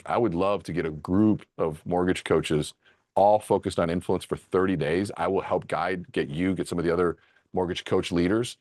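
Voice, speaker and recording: Very deep-voiced excited man. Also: dry recording, clean studio sound. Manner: excited, animated storytelling. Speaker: guest speaker and author. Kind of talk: conversational interview.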